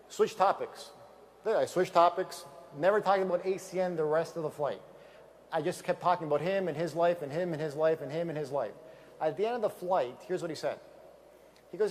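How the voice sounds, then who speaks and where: A man giving an energetic motivational speech at a sales event, emphatic and repetitive, telling stories from a stage microphone. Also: a little high, a little fast, a little hiss or hum.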